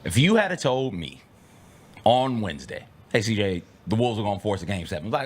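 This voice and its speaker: A man co-hosting a sports talk show, casual and animated, firing off incredulous reactions. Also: fairly low pitch, brisk.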